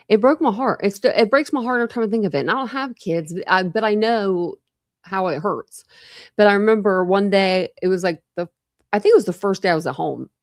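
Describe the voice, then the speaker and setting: A woman in her forties, a true crime YouTuber, chats casually and ramblingly on a live stream from home, filling her talk with "like." Her voice is medium-pitched, and the studio-quality audio has no room sound, though she sits in a room with a couch and a cat.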